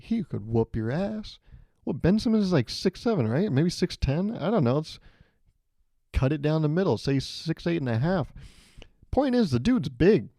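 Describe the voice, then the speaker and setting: Sing-song and on the high side, the young host talks at normal speed in clean studio sound with no echo. Alone on his podcast, he spins rambling comic stories laced with sarcasm and acts out loud voices.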